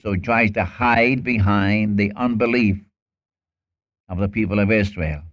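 A man preaching in an earnest, pleading manner, his voice sitting a little low. He breaks into acted Bible dialogue as he goes. The recording sounds dull and lo-fi. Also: expressive, moderate pace. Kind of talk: sermon.

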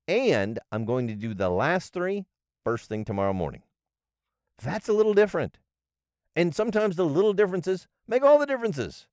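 A man's voice: mid-range voice, darkish tone, no echo, studio quality. A man hosting a motivational podcast, talking straight to the listener and acting out the example lines he quotes in changed voices. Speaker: podcast host.

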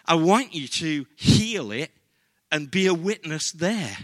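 A man's voice: on the high side, animated, slow pace. An older man with an English accent, preaching a sermon as pastor in an earnest, conversational way.

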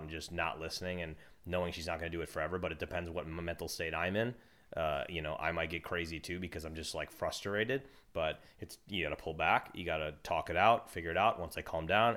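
Young dad rambling about parenting, really low voice but bright and a bit sharp. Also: male voice. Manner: rambling, easygoing, restarts sentences. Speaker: co-host, father. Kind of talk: casual podcast chat.

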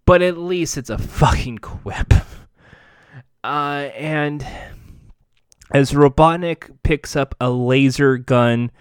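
A man's voice: medium pitch, clean tone, dry recording, clean studio sound. A man casually recapping a TV episode with sarcastic, profane jokes. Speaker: show recap host.

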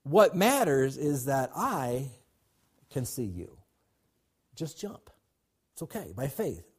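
A man voicing a calm, wise father who gently reassures his son. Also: mid-range voice, slow pace, husky, full character voice. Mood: reassuring.

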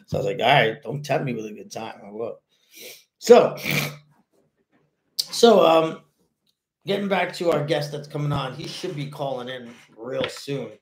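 A man hosting a casual podcast, telling stories in a rambling, animated way with many fillers and restarts. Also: medium pitch, creaky. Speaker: podcast host. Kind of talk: casual solo podcast chat.

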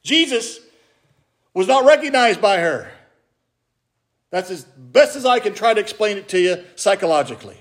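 A man's voice: high-pitched, very animated, normal speed, long pauses. A middle-aged man, a pastor, preaching a sermon in a chatty way and putting questions to his congregation. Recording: echoey church room.

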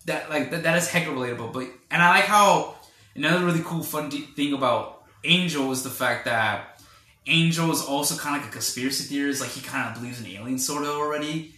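Young guy podcast host, kinda high voice, rambles with tons of "like", roomy echo. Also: fast talker, bright, forceful tone. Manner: rambling, filler-heavy retelling. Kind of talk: casual film review chat.

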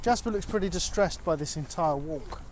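A woman talking to her children on a walk by a road, patient and lightly teasing, often hushing them. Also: deep voice, moderate pace. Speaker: parent. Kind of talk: casual chat with children. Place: road, outdoors. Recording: outdoor recording with clear background noise.

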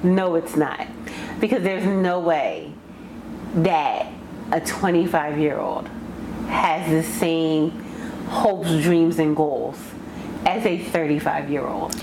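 A woman co-hosting a casual chat show, telling animated stories and acting out what people said. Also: sits low, slow. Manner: animated storyteller, acts out quotes. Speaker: podcast co-host. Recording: echoey room, faint noise.

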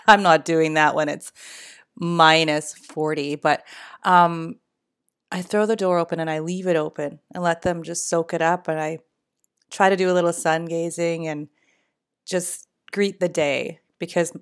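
A woman's voice: on the low side, steady tone, measured pace, fairly bright tone, clear, resonant tone. A middle-aged woman, hosting a casual solo podcast in her morning voice, chatty and rambling with frequent laughs. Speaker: podcast host.

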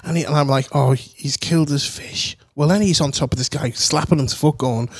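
A man's voice: on the high side, brisk, husky, no room sound. A man telling a long story in casual chat, rambling, swearing freely and laughing as he goes.

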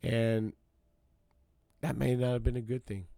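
This podcast host's medium-pitched, dark voice has vocal fry and barely moves in pitch as he takes his time. Casually ranting through a story, he repeats himself for emphasis and addresses listeners directly as "y'all." The sound is clean studio audio without echo.

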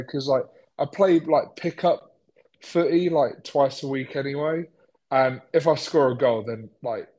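A man's voice: fairly high pitch, a little mellow. A man, co-hosting a podcast in a rambling, self-mocking casual chat. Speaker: podcast co-host.

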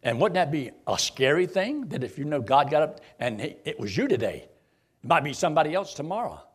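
A man delivers a sermon in a dramatic, folksy manner, firing off one rhetorical question after another. His high voice takes big pitch swings, rising and falling for effect, and he speaks briskly with a breathy edge.

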